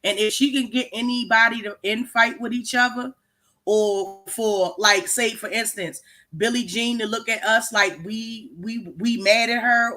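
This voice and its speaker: Co-host on a live stream, bright voice, stumbles and repeats, swears a lot. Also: mid-range voice. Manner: emphatic, repeats words, profane. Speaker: livestream co-host. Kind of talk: livestream commentary.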